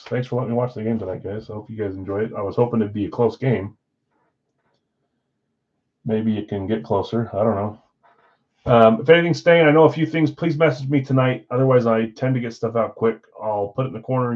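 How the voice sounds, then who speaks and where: A man of ordinary pitch hosts a live sports card break and chats casually with his viewers. His talk is relaxed and conversational. The stream audio sounds slightly dull and lo-fi. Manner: casual, chatty, talking to viewers while opening packs.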